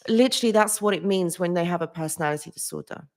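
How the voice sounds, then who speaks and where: A woman's voice: fairly low pitch, quick pace. A woman hosting a psychology live stream, chatting casually, greeting viewers by name, and leaning on "literally" and "like". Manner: loose, with frequent restarts and small laughs. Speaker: psychology channel host.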